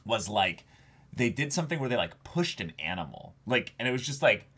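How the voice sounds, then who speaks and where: A young man co-hosting a casual podcast chat, animated and fond of mimicking kids in squeaky voices. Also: fairly quick, husky. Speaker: podcast co-host. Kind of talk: casual chat reacting to anime.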